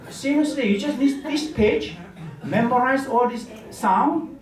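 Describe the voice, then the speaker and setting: A man's voice: very high voice, a little slow. A man teaching a wine masterclass, jokey and teacherly, tagging his lines with "huh?". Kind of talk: live masterclass talk. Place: hotel function room. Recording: echoey room, far from the mic.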